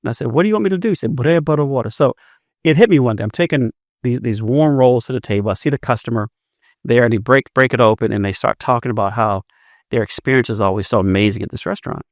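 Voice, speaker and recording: A man's voice: medium pitch, fast, dry recording, clean studio sound. A man in his fifties, a business guest telling stories in a casual interview, often repeating words as he starts a sentence. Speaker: entrepreneur guest.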